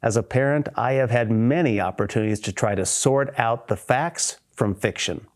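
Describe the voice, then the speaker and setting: A man preaching a sermon, reading scripture aloud and explaining it in an earnest, measured way with rising emphasis on key words. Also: medium pitch.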